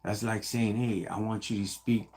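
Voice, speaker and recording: A man's voice: fairly low pitch, fairly even intonation, moderate pace, a little mellow. A man raised in the United States, hosting a casual livestream and answering viewer questions in laid-back street slang, calling everyone homie and dog.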